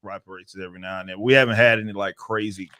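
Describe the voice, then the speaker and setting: A man with a low voice speaks hesitantly, stopping and restarting his sentences. The sound is dry, with no room echo. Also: fairly even intonation, bright, forceful tone. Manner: hesitant, halting. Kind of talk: casual chat.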